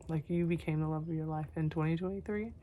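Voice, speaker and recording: A young woman talking tenderly to herself on camera in a vlog, soft and often whispery, teary, her voice going hoarse. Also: deep voice, fairly even intonation, fast, slight background noise. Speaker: vlogger. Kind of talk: emotional self-talk to camera.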